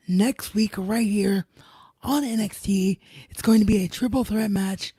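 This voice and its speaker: A man hosting a solo recap show, retelling events with excitement and paraphrasing others' lines. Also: high voice, breathy edge, dry recording. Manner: excited storytelling, paraphrasing others in their own words. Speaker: podcast host.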